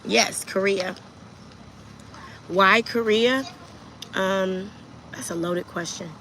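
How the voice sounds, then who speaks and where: A woman's voice: medium pitch, extremely slow, sharp tone, a little hiss or hum, poor audio. Chatty woman streamer answering comments. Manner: chatty, reads viewer comments aloud and answers them. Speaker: livestream host. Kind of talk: casual livestream chat.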